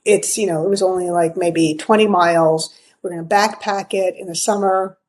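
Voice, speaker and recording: A middle-aged woman appears as a podcast guest, casually telling a story in a chatty style packed with fillers and acted-out quotes. Her voice sits on the low side, steady and a little mellow, at a normal pace. The audio quality is poor.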